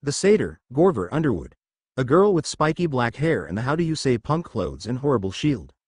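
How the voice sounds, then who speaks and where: A man's voice: medium pitch, sing-song, a little fast, breathy edge, dry recording. A scheming, hostile monster in disguise with a strange French accent, put on by a male storyteller. His voice rises and falls with real animation. The recording is dry and close, with no room sound. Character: villainous manticore man, French accent.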